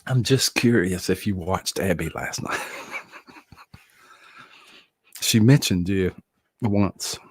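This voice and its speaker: A man's voice: low voice, measured pace, slightly rough, no room sound. A middle-aged man hosting a casual livestream, greeting viewers by name and chuckling often. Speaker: livestream host. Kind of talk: casual chat reading viewer comments.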